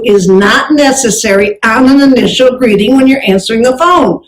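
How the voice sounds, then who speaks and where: A woman giving a keynote talk on customer service. She tells her stories in a lively way, acts out the people she quotes and laughs often between phrases. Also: a little high, a little fast, hardly any pauses. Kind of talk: keynote talk to a business audience. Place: event hall with an audience. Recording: roomy hall sound.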